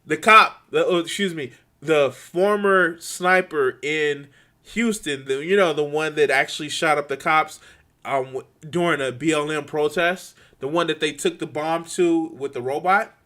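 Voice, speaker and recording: A man ranting angrily to his viewers, swearing a lot, stumbling over restarts and swinging between quiet and loud. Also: on the high side. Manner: profane, halting, many restarts. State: angry and frustrated. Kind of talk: angry unscripted rant.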